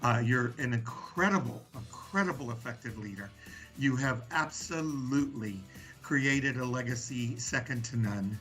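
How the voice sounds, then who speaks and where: A man's voice: mid-range voice, measured pace, faint music behind. A man hosting a podcast, speaking effusively and emotionally as he wraps up an interview. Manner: effusive, emotional, warm sign-off. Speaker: podcast host. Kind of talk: interview talk show.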